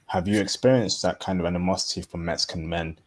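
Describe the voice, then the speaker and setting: A man's voice: low voice, steady tone, fast. A man hosting an interview, asking blunt, matter-of-fact questions in a casual way. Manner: blunt, matter-of-fact, calls guest bro. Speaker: interview host.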